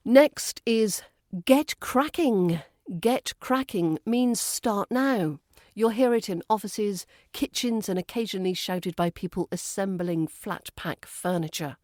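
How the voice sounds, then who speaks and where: A British woman teaching as an accent coach in a scripted pronunciation lesson. She speaks precisely and acts out example phrases with lively emphasis. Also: medium pitch, takes it slowly, dry recording, clean studio sound.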